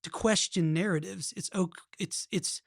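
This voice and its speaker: A man's voice: sits high, unhurried, gravelly, no room sound, clean studio sound. Earnest rambling podcast host man. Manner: earnest, rambling, with frequent restarts. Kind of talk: casual chat.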